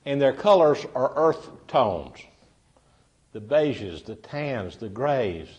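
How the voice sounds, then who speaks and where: A man leads a seminar in front of a live audience. He tells folksy stories in a chatty way and turns to the listeners as he goes. His voice sits at an ordinary middle pitch. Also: very animated, slow pace, a little mellow, muffled recording. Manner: folksy storyteller, chatty, addresses the audience directly. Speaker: seminar speaker. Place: meeting room with a live audience.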